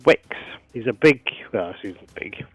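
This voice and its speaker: A man's voice: on the low side, animated, measured pace, slightly rough, no room sound, soft background music. Chatty British man joking with friends. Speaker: player. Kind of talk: casual chat at a tabletop game.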